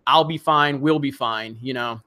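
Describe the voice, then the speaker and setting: A man's voice: medium pitch, normal speed, bright, forceful tone. A man hosting a casual live stream, reading viewer comments and rambling in a frustrated way, with many restarts, fillers and some swearing. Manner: swears when angry.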